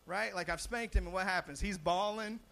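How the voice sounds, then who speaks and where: This young man's high, creaky voice moves fairly quickly as he preaches a sermon as pastor. Animated, he frequently restarts, repeats words, and swells in volume on key points.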